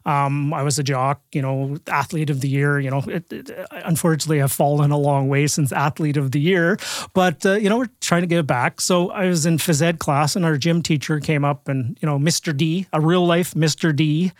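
A man's voice: on the high side, steady tone, normal speed, no echo, studio quality. Chatty Canadian man telling a story. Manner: chatty, repeats words and restarts often. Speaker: podcast guest. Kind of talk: storytelling in a casual interview.

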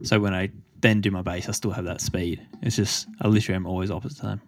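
A man's voice: low voice, steady tone, fast, no echo. A man chatting casually as a podcast co-host, rambling with lots of fillers. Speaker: podcast co-host, elite runner. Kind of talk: casual chat.

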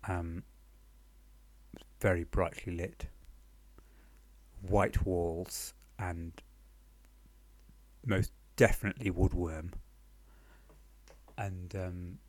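A young man telling a comic story about his life in a dry, deadpan, understated way, recorded at home. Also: low-pitched, no echo. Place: home apartment.

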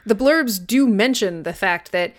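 A woman's voice: mid-range voice, animated, a little slow. A woman co-hosting a casual movie podcast in a dry, matter-of-fact way. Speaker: podcast co-host. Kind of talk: casual movie review chat.

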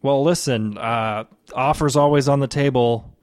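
A man's voice: mid-range voice, steady tone, a little slow, a little mellow, close to an everyday voice. A man voicing a wounded male police officer who talks bluntly and curses offhandedly. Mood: casual. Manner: cursing, offhand, rambling.

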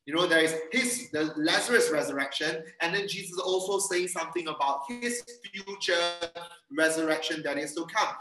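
A man's voice: a little high, normal speed, pushed and bright. A man preaching a sermon over a video call, earnest and repeating phrases for emphasis. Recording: echoey room, a bit far from mic.

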